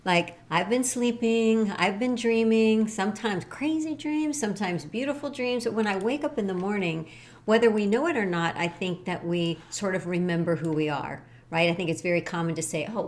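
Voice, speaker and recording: A woman co-hosting a casual wellness talk show, speaking earnestly and repeating gentle affirmations. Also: mid-range voice, moderate pace. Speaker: co-host.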